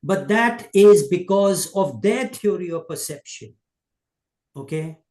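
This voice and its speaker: A man's voice: sits high, lively intonation, slow pace, darkish tone, reverberant. A man asking a question in a class discussion, hesitant and full of fillers and broken-off words. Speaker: student.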